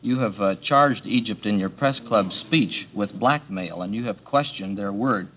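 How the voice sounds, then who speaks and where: A man's voice: lowish voice, a little slow, pushed and bright. A man, a news reporter on a press panel, asking direct and pressing follow-up questions.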